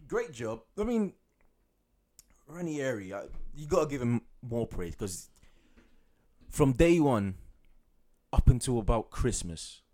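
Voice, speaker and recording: A man co-hosting a laid-back football podcast. His pitch rises and falls a lot as he talks. He rambles, stalls and restarts sentences constantly. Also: very animated, a little mellow. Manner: rambling, halting, many restarts. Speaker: podcast co-host. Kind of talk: casual football podcast chat.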